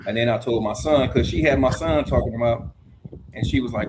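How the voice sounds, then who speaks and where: A man's voice: medium pitch, a little fast, noisy background. Middle-aged man rambling through a story. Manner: rambling storyteller, restarts, blunt. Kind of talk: casual livestream chat.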